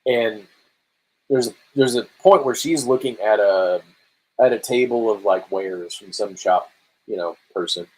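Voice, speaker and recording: A man's voice: fairly low pitch, a little slow, slight background noise, rough recording. A man co-hosting a casual podcast about video games, telling stories and acting out quoted lines. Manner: animated storytelling, acts out quotes. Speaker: podcast co-host.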